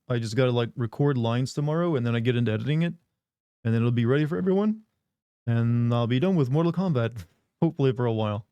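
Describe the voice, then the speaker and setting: Mellow-voiced man joking with his stream chat. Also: medium pitch, fast talker, clean tone, no echo. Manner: joking, rambling banter with chat. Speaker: livestream host. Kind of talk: casual live-stream chat.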